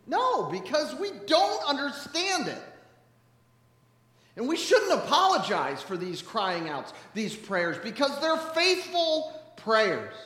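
A man preaching a sermon as a pastor, in a slow, reflective manner with dramatic pauses, in a church. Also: high voice, a bit bright. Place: church sanctuary. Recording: echoey church hall with long reverb.

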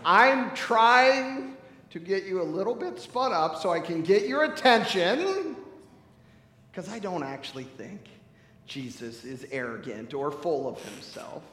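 A man with a high voice preaches to his congregation, with lots of rise and fall in his pitch. He is playful and teasing and talks directly to the people in the pews. The recording carries the echo and long reverb of a church hall. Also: lively intonation, a little slow, sharp tone. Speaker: pastor. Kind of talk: sermon. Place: church sanctuary.

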